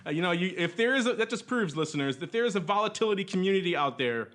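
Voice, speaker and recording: A man's voice: sits high, expressive, fast talker, fairly bright tone. A man hosting a podcast in casual chat, jokey and rambling with frequent chuckles. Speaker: podcast host.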